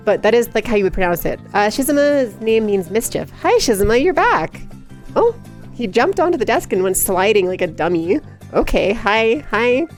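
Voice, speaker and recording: Woman, live streamer, casual chat, playful, giggly, coos baby talk, slightly high voice, faint music behind. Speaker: livestreamer.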